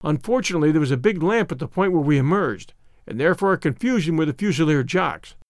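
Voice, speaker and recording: Dry, fairly high male audiobook narrator. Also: animated, no echo. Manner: measured, storytelling.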